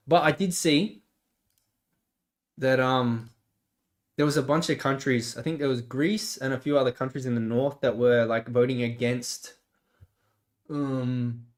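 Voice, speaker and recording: A man in the middle of an offhand commentary rant, sarcastic and blunt. He swears freely and leans on fillers as he rambles, in a voice of ordinary pitch for a man. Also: steady tone, unhurried, long pauses. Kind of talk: casual political rant.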